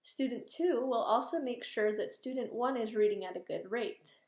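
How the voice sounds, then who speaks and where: A young woman speaks as a teacher in a practice lesson. She walks students through instructions in a clear, patient way. Her voice sits a little high, and the room rings with echo. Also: normal speed, a little mellow.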